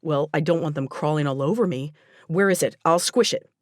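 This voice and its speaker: A woman's voice: low-pitched, brisk, dry recording, studio quality, close to an everyday voice. Woman voicing a teasing teenage boy. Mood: protesting. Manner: teasing, wisecracking.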